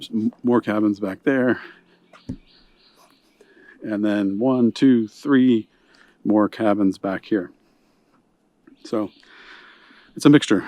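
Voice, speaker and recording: Strolling through a hunting camp outdoors, a man talks at a medium pitch while a handheld camera records, with no echo on the sound. He's relaxed and chatty, a bit winded from the heat, and points out things along the way in this casual walking tour.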